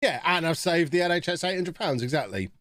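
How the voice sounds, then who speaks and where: A man's voice: a little high, animated, fairly quick, a bit bright, no echo, studio quality. A man in his thirties, chatting casually with viewers while reacting to a live game stream.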